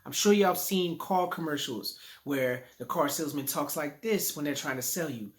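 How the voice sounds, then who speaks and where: A man's voice: on the high side, lively intonation, fairly quick, hardly any pauses, fairly bright tone. Playful man coaching from his living room. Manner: playful, conversational, rhyming catchphrases. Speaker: public speaking coach. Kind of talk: casual video lesson. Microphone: phone in selfie mode.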